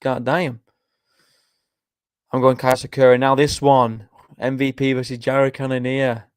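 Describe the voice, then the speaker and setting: A young man talks loosely and casually at a middle pitch, swearing freely and reacting to a live chat. He sounds worn out and yawns between points. His voice is close and dry, with no room sound. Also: little pitch movement, measured pace, clear, resonant tone, no echo. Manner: chatty, swears often, reads chat aloud. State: tired, yawning. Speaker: livestream host making fight predictions.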